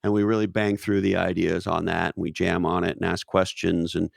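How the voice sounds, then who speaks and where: A man with a low, gravelly voice talks in a loose, emphatic way, swearing freely and piling up restarts. The sound is dry and close, with no room around it. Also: flat delivery, brisk, no room sound. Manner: profane, repetitive restarts, emphatic. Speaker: guest. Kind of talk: casual interview talk.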